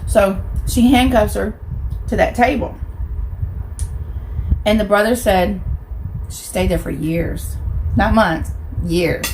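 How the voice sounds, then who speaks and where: A woman's voice: mid-range voice, darkish tone, a little hiss or hum, low-quality recording. A woman hosting an eating show, telling a true crime story in a blunt, colloquial way and talking straight to her viewers. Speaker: mukbang host.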